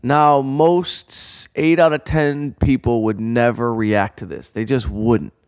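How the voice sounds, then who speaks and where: A man from Detroit spins a rowdy personal tale in a loose, casual way. His voice sits at an everyday middle pitch, and he swears freely. He jumps into the quoted lines of the people in the story. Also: slow pace, smooth. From Detroit, USA. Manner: profane, animated storytelling with quoted dialogue.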